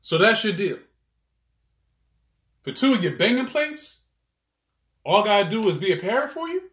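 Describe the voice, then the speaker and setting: A man's voice: sits high, very animated, moderate pace, a bit bright, reverberant. A man acting a monologue in casual slang, bargaining with his aunt. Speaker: monologue actor. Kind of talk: theatrical monologue.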